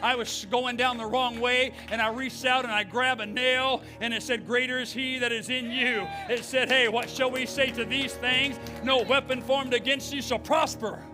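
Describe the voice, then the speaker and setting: A middle-aged man preaching a fervent Pentecostal sermon as pastor, swinging from hushed words to shouts. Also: extremely high pitch, steady tone, moderate pace, hardly any pauses, over music. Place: church sanctuary.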